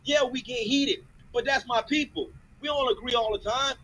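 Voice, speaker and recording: A man furiously yelling profane insults in an online audio chat room, speaking into a phone. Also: very high voice, normal speed, a little hiss or hum, poor audio. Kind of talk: heated argument.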